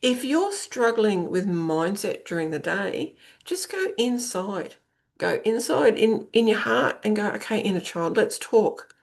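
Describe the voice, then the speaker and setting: A middle-aged woman delivers a spoken self-help monologue as a podcast host. She coaches her listeners in a conversational way, circling back and repeating phrases to drive each point home, with a voice of ordinary pitch for a woman. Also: darkish tone.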